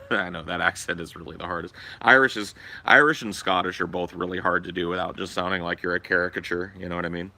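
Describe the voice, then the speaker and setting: A man's voice: deep voice, fairly even intonation, quick pace, sharp tone. A young man hosting a livestream, chatting casually in a crude, profane and joking way. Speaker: livestream host.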